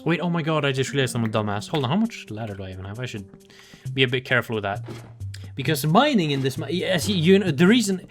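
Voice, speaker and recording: A man's voice: mid-range voice, expressive, fast, faint music behind. A young man giving casual gameplay commentary, talking to himself, swearing and grumbling in exasperation. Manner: sing-song baby talk to animals. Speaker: gaming video creator.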